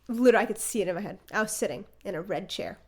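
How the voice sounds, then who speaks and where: A young woman co-hosting a casual podcast chat, telling stories with lively acted-out reactions. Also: medium pitch, quick pace, husky. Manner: animated storyteller, acts out her own reactions. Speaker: podcast co-host.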